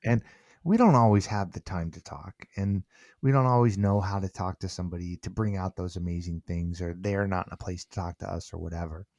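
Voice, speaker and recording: Low-voiced man telling stories animatedly. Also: brisk, no echo. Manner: animated, repeats words when restarting, acts out quoted dialogue. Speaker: podcast guest. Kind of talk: conversational storytelling.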